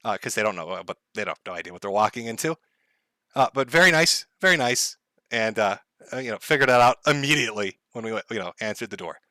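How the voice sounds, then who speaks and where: A man's voice: lowish voice, animated, fast, pushed and bright, dry recording. Sardonic laughing male streamer, dry mic. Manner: sardonic, laughs often, mock-dramatic. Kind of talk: casual live-stream talk. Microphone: headphones and desk mic.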